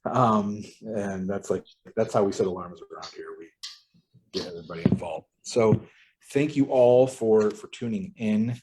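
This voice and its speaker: A man leading a casual book study group from home over a video call, relaxed and conversational with frequent ums. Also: fairly low pitch, moderate pace, slight background noise.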